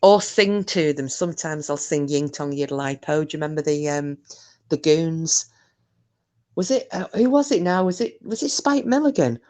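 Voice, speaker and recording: A British woman from the UK chats casually with viewers on her livestream, swearing and mocking scammers in British English. Her voice is low-pitched and mellow, with lively intonation at a normal speed.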